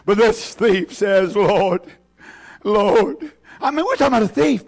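A man preaching an impassioned sermon in a church, tearful, swinging from shouts to hushed asides. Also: very high-pitched, lively intonation, fairly quick, gravelly. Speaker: pastor.

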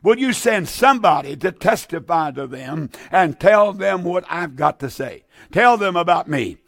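An anguished rich man begging for mercy from the flames, as a preacher voices him. His high voice is pleading and desperate. The sound is dry and close. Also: expressive, moderate pace, vocal fry, fairly bright tone, no room sound, exaggerated voice.

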